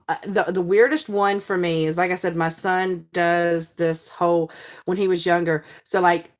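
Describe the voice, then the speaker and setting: Slow, rambling woman host. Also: fairly low pitch, steady tone. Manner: rambling, chatty, full of fillers; mimics people in quoted voices. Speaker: live-stream host. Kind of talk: casual chat.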